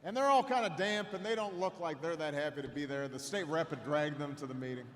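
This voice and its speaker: A middle-aged man telling a story in a campaign speech, stumbling over repeated words and building to shouts. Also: on the high side. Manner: halting repetitions, slow build to shouted climax. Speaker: political candidate speaking at a rally. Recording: long reverb in a large hall, faint noise.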